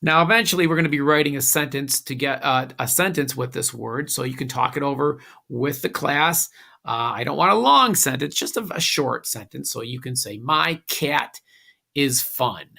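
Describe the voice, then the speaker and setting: A man teaching a recorded classroom phonics lesson, giving slow, patient instructions with a few "uh"s. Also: mid-range voice, expressive, gravelly, bright, forceful tone.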